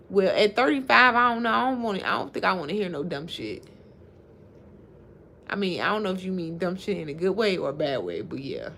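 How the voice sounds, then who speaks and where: Streamer in her thirties, gravelly low voice, chatty, answers comments on the fly. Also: fairly bright tone, slight background noise. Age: 30s. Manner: chatty, reacts to viewer comments; laughs often while talking. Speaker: livestream host. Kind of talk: casual livestream chat.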